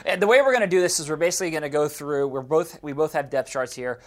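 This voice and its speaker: A man's voice: a little high, fast talker. A man co-hosting a casual sports podcast, chatty, laughing often and stumbling over his words. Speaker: podcast co-host.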